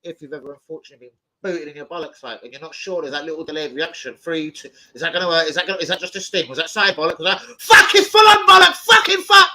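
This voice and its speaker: Rapid-fire and a little high in pitch, a young football fan channel host swears a lot while telling loud, animated, rowdy stories with yelps and laughs. The casual chat comes through in poor audio.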